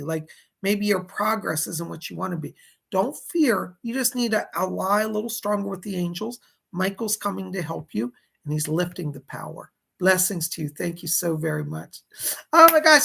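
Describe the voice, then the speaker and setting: Hoarse guy doing live psychic readings, raspy breathy voice, keeps going "he said" over and over. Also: high voice, pushed and bright. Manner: relays spirit messages in rapid "he said" quotes. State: hoarse, voice giving out. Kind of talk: livestream readings, casual and excitable.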